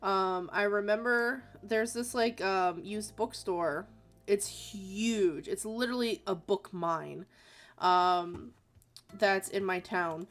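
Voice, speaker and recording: Woman, casual chat while drawing, animated storyteller, laughs a lot, faint music behind. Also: slow. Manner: animated storyteller who acts out quotes in high squeaky voices; laughs often. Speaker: artist hosting a drawing stream.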